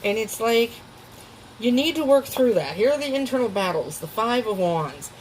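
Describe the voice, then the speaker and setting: A woman's voice: on the high side, expressive, moderate pace, poor audio. Tarot reader, woman, casual and emotional delivery, frequent laughs and restarts, faint background noise. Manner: chatty, emotional, laughs often, restarts sentences.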